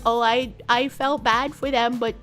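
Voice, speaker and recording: A woman's voice: a little high, steady tone, measured pace, a bit bright, faint music behind. A woman streamer casually chatting and reading donation messages, with loose, profane banter and frequent laughter.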